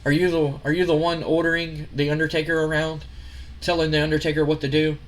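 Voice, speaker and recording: A man voicing a furious older male wrestling company boss who demands revenge and shouts threats. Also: on the high side, flat delivery, fast, natural voice. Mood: angry.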